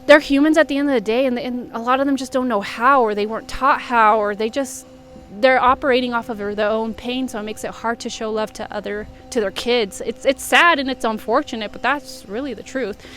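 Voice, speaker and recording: A woman's voice: fairly high pitch, fairly quick, a bit bright. A young woman talking candidly and reflectively about her own life, rambling a little with fillers. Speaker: vlogger and coach. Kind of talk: personal confessional talk.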